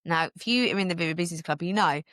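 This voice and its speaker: A woman from the UK hosting a solo business podcast, talking in an energetic, emphatic, motivational way and laughing often. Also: on the low side, rapid-fire, no room sound, clean studio sound. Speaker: podcast host and business coach.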